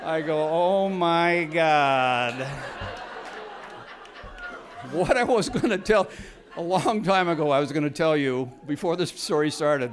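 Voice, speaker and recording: An older man telling a casual anecdote in a rambling way, chuckling and restarting sentences as he goes. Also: a little high. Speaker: storyteller.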